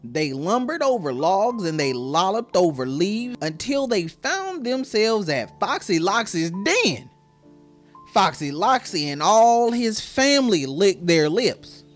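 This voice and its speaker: A woman's voice: mid-range voice, very animated, slow, faint music behind. A woman reading a children's storybook aloud with a sing-song delivery.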